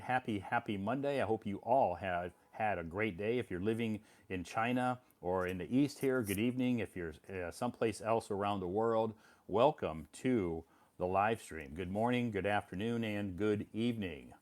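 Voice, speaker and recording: A middle-aged man from the United States chats casually to viewers of his live stream. His voice sits a little low, and his talk is relaxed and encouraging, often repeating a phrase for emphasis and stopping to answer comments. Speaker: English teacher hosting a live stream.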